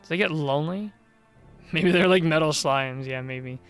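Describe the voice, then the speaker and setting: A rambling, easy-laughing man chatting through a live-streamed game in a somewhat high voice. His voice sounds tired and worn from long streams. Faint game music sits in the background. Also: normal speed, fairly bright tone, smooth. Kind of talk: casual live-stream commentary while gaming.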